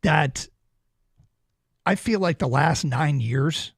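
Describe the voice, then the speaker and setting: A sports talk radio host in the studio, his voice a little high, gravelly and slightly rough, takes calls with animated energy. He argues deliberately and repeats phrases to hammer points home, with no echo in the sound.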